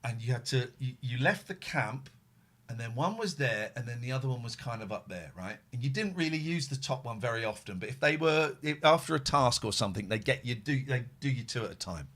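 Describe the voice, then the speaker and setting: A podcast host chats casually and animatedly, telling angry stories packed with swearing. His voice is medium in pitch and a little fast.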